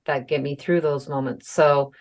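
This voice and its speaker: Chatty woman podcast host, low voice. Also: steady tone, normal speed. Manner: chatty storytelling with many fillers and swearing. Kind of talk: casual chat.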